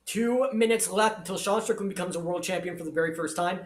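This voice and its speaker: A man's voice: sits high, fast talker, echoey room. A man giving crude, profane live commentary on a fight, swearing constantly and reading out viewer comments. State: shouting with excitement.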